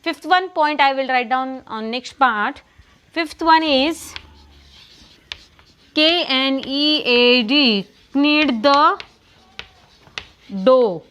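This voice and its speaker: A teacher with a Marathi accent runs a classroom lesson, asking the same questions again and again and spelling words out letter by letter. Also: female voice, high voice, fairly bright tone.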